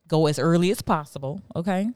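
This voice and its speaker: Female co-host, lower register, playful teasing delivery, dry close recording. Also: darkish tone, clean tone, no echo. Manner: teasing, laughing, quick interjections. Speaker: podcast co-host. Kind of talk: casual banter.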